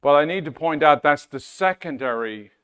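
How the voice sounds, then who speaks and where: Teaching a Bible-school class, a man keeps things casual and conversational, regularly checking on his listeners and reading scripture aloud at a slow pace. His fairly high voice is expressive, smooth, and fairly bright.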